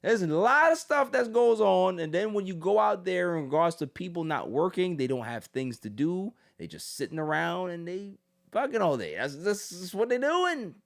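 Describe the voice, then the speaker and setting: Animated, high-toned male podcast host. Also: vocal fry. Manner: animated, loud, mocking, quick impressions. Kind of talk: casual ranting commentary.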